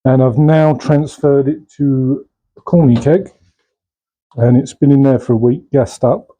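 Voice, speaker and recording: A man chatting casually as he brews and pours his own beer in a home bar shed, relaxed and asking tag questions. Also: mid-range voice, unhurried, slightly rough, highs cut off. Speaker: home brewer. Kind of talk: casual how-to chat. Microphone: camera mic, held by a helper.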